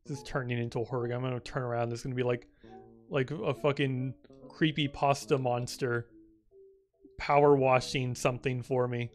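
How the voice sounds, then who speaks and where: Over soft background music, a young man streams a video game, his mid-range voice moving at a moderate pace. His casual commentary is excitable and rambling, packed with swearing and the word "like."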